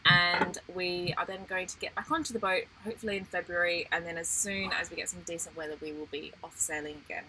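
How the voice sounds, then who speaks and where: A woman's voice: on the low side, steady tone, fast, few pauses, music in the background, rough recording. An Australian woman in her thirties co-hosting a casual live-stream chat about sailing life, explaining things patiently and laughing often. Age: 30s. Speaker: sailing channel co-host.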